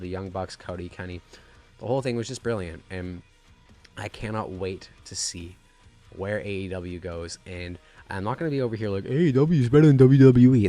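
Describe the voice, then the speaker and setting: Low-voiced profane excited man. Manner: profane, rambling, gushing. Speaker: wrestling reviewer. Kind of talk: excited casual review.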